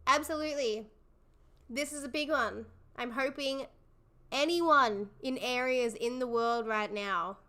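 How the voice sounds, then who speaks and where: A young woman hosts a casual livestream and talks with her viewers. Her voice is bright and a little high, and she speaks slowly. She is effusive and encouraging and laughs often. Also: clear, resonant tone. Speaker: livestream host. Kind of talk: casual live chat with viewers.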